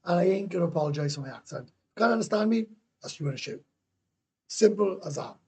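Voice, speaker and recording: A man's voice: sits high, expressive, brisk, darkish tone, breathy edge. A man with a Welsh accent chatting casually on a livestream, bluntly answering viewer comments, swearing freely and repeating himself. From Wales. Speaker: livestream host. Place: indoors, living in Thailand.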